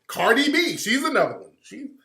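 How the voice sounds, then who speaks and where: A man from the American South delivers an insistent commentary, his pitch swinging widely as he drives each point. His voice is bright and forceful, and it rings with a roomy echo. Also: wildly swooping pitch, normal speed, gravelly. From Alabama, US South. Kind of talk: opinionated monologue.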